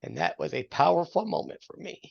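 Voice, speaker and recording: An older man gives earnest, preacherly counsel to a married couple and pokes fun at himself along the way. His voice has a gravelly rasp and sits close and dry in the mic. The recording is dull and lo-fi. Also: fairly high pitch, big pitch swings, a little fast, no echo. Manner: earnest, preacherly, self-deprecating. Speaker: marriage mentor. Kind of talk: counseling talk with scripture.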